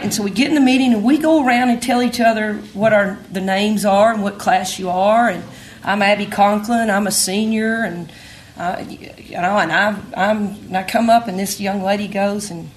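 A woman with a drawl tells a story, jumping into other voices and laughing as she goes. Her voice sits at a middle pitch. The room sounds roomy and echoey, with a faint hiss behind her. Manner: animated, acts out quotes with laughs. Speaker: assistant coach. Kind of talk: storytelling at an event. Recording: roomy echo, faint noise.

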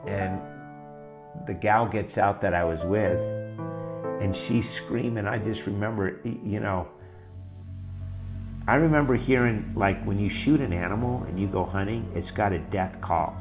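A middle-aged man telling his own life story in a halting, emotional way, with many restarts. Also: lowish voice, music in the background. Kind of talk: personal testimony.

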